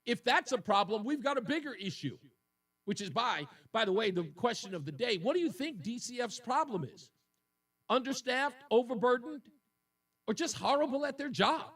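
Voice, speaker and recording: A man's voice: very high-pitched, animated, normal speed, fairly bright tone, recorded from a distance. A man hosting a talk radio show, delivering an indignant, emotional monologue that repeats points for emphasis.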